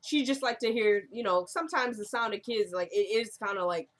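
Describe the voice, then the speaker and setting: A woman's voice: mid-range voice, brisk. A woman casually recapping a TV drama episode, chatty and full of fillers, acting out the characters' lines as she retells scenes.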